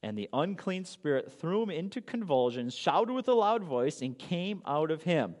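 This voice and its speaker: A man preaching a sermon as pastor, telling the story in an animated way with casual asides. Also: a little high, moderate pace, long reverb tail.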